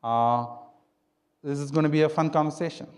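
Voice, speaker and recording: A man's voice: a little high, steady tone, fairly quick. A man giving a brief, upbeat, informal introduction of the next speakers at a conference.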